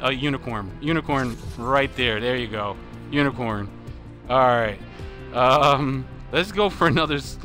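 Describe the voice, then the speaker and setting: A man giving excited live commentary on his own video game session, often laughing and repeating exclamations. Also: mid-range voice. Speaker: game streamer.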